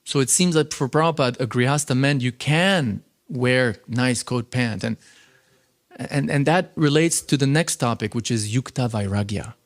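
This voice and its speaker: Man giving a lively scripture class. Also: mid-range voice, moderate pace. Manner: animated, conversational lecturing with frequent "you know". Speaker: religious class teacher. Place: temple class.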